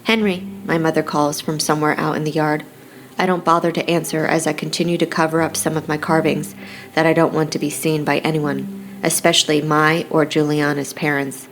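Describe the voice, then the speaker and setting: A woman narrating a romance audiobook in the first person with a steady, reflective reading. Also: low-pitched, a little fast, a little hiss or hum.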